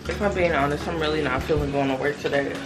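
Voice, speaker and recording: A woman's voice: deep voice, fairly even intonation, fast talker, loud music behind the voice, poor audio. Tired young woman vlogging, rambling. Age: young adult. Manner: rambling and candid, with many "like" fillers. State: tired and yawning. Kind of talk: casual talk to camera.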